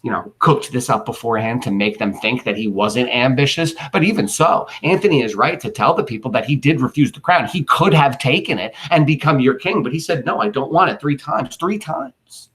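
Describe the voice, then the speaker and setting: A male teacher walks his class through a play in a lively, chatty way. His voice is husky and a little raspy, and he keeps the tone informal and playful. The pitch sits in a plain middle range. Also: normal speed, few pauses, rough recording. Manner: animated and conversational, with playful exclamations. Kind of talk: literature lesson, explaining a play.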